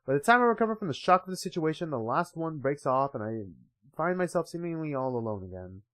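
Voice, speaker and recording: A man's voice: fairly high pitch, big pitch swings, fast talker, a bit bright. A young man streaming a game, chatting casually, swearing freely and reading the story aloud.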